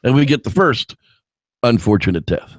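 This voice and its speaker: A man co-hosting a casual movie review show, excitedly retelling scenes and breaking into high shouts when quoting characters. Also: normal speed, dry recording. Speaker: podcast co-host.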